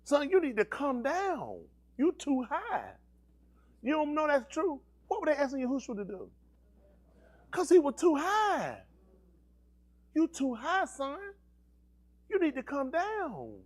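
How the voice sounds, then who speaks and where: A male pastor with a very high-pitched voice preaches at a measured pace, pausing often. He keeps the sermon animated by asking the congregation call-and-response questions and teasing them in slang.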